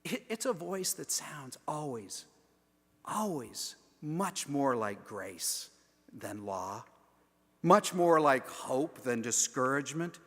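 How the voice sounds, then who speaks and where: A man preaching a sermon, moving from hushed, almost whispered lines to loud emphatic declarations. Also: medium pitch, big pitch swings, takes it slowly. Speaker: pastor. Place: large church sanctuary. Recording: long echo of a large church sanctuary.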